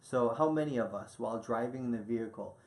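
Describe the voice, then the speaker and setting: A man's voice: mid-range voice, quick pace. Brief: man, mid-range voice, affirming co-host who drives points home and speaks directly to the audience. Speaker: co-host, parenting doctor. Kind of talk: casual educational chat.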